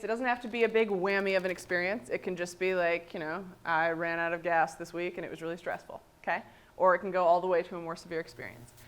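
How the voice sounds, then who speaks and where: A woman trainer presenting a workshop, lively and animated, often checking in with "right?". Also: medium pitch.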